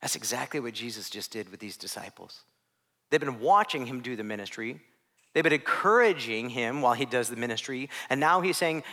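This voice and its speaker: A man in his thirties from Ohio, preaching a sermon as a youth pastor, acting out voices with big swings from soft to loud. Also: medium pitch, a little fast.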